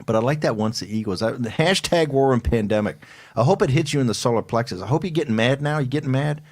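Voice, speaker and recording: A male talk show host haranguing his listeners in a forceful, hectoring way, often repeating himself. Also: medium pitch, fast. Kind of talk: fired-up political talk show.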